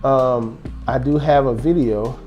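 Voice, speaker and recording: A man's voice: mid-range voice, unhurried, highs cut off, music in the background. A man hosting a casual basketball fan show, rambling and joking as he goes. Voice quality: animated, rambling, joking banter. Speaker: sports vlog host.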